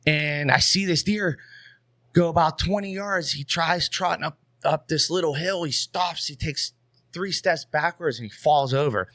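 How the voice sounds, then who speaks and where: A man who is a podcast guest, telling a story in a casual, animated way. He swears freely and keeps saying "you know what I mean.". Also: on the high side, a little slow, no echo.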